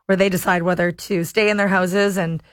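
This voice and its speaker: A woman's voice: on the low side, level tone, moderate pace, no room sound, studio quality. A woman hosting a radio talk show, chatting in a playful, casual way. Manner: chatty, playful, laughing asides. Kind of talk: casual chat. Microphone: studio microphone.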